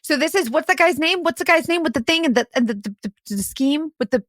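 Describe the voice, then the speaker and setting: A woman co-hosting a podcast, reacting and jumping in with quick questions. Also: sits high, lively intonation, a bit bright, no room sound, studio quality. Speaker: podcast co-host. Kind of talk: casual chat.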